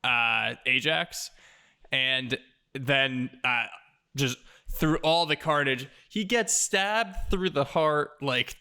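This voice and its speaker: Bright-voiced man chatting about movies. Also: mid-range voice, slow, clean tone. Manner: hesitant, fillers, laughs. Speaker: podcast co-host. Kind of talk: casual movie discussion.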